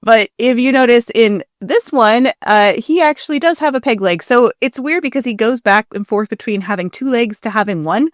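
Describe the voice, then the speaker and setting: A woman's voice: a little high, animated, moderate pace, few pauses, dry recording, clean studio sound. A woman co-hosting a casual podcast, chatting and explaining history with frequent laughs. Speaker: co-host.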